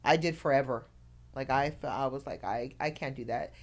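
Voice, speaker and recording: A woman's voice: extremely low pitch, moderate pace. A middle-aged woman chatting on a live talk show, telling heartfelt, rambling stories full of fillers. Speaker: talk show co-host or guest.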